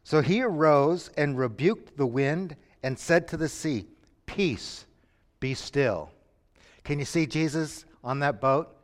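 A man preaching a sermon, moving between quiet lines and sudden shouts. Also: a little high, measured pace, hardly any pauses. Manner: dramatic, shifts from quiet to shouting. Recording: long reverb from a hall.

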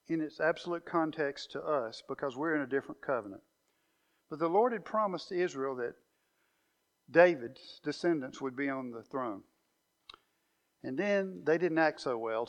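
Male pastor, high-pitched, emphatic sermon delivery. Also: animated, normal speed. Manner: emphatic Bible teaching, rising to loud declarations. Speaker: preacher.

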